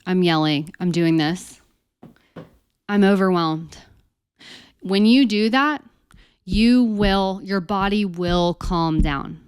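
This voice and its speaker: A woman coach teaching in a casual, animated, conversational way, speaking straight to her listeners. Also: fairly low pitch, clear, resonant tone, no echo, studio quality. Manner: animated, conversational, addresses listeners as you guys. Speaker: codependency coach.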